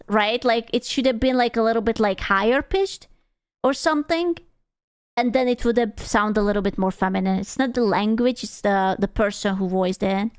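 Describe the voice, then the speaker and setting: A woman streamer rambles through her reactions with a playful, foul-mouthed ease. Her voice sits a little high and comes through smooth and resonant. The sound is dry and close. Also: dry recording. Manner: rambling, swears freely, playful. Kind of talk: casual reaction chat.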